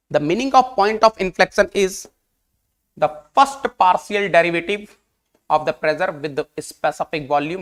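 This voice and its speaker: A man's voice: sits high, fairly bright tone. A male engineering teacher with an Indian English accent giving an online exam-prep lecture, repeating questions and coaxing the class in a mix of English and Hindi.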